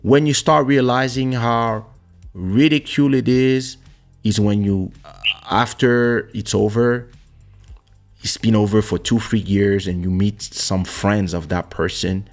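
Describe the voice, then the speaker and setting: Over faint music, an unhurried man with a fairly low voice tells a personal story on the podcast he hosts. A musician as well, he keeps it casual and animated, imitating the voices in his quotes, via a studio podcast microphone.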